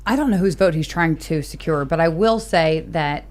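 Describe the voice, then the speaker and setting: A woman joins a political panel discussion as co-host and talks in a loose, casual way, with filler words scattered through her sentences. Her voice is somewhat lower than most women's. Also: normal speed, darkish tone. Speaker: podcast co-host.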